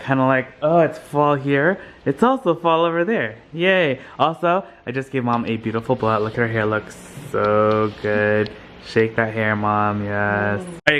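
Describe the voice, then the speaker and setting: A man's voice: medium pitch, fairly bright tone, slight background noise. Upbeat chatty man vlogging at home. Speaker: vlogger host. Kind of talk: casual home tour vlog. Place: at home, indoors and out in the yard.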